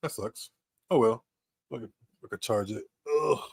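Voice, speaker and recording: Creaky, slightly rough and on the low side, this American host's voice carries casual live-stream commentary for his tennis podcast. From a small home room, with clean studio sound and no room sound, he draws out his words while laughing and exclaiming at pictures.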